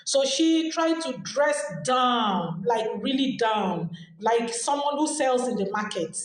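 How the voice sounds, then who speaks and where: A woman chatting as a podcast host, her voice sitting a little high and moving at an unhurried pace. She often stops and restarts phrases while she works out her thought. The recording has a strong echo from the room. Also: animated. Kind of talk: casual chat. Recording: very echoey room.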